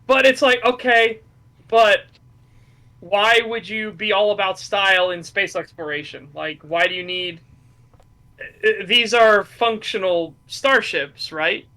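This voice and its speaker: Excitable, swearing podcast guy with a sharp, bright voice. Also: high voice, takes it slowly. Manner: excitable, profane, laughing often. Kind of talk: casual podcast chat.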